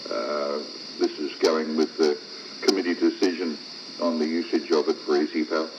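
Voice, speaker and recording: An Australian man speaking deliberately, with hesitations, on an amateur radio net. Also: a bass voice, level tone. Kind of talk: casual amateur radio chat. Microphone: ham radio transceiver mic. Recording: dull, noisy radio transmission.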